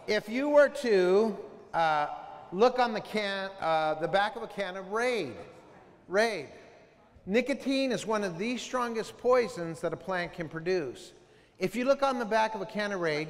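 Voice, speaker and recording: A middle-aged man giving an animated talk to students, telling stories, putting questions to the audience and mimicking sounds. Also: high-pitched. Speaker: school assembly speaker. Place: school hall. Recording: long reverb in a large hall.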